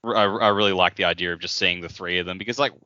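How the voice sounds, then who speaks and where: A man with a very deep voice that still cuts bright and forceful. He rambles through his thoughts in casual podcast chat. The audio is dry and muffled. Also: steady tone, very fast, no echo. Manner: rambling, acts out characters' lines in quotes. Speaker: podcast co-host.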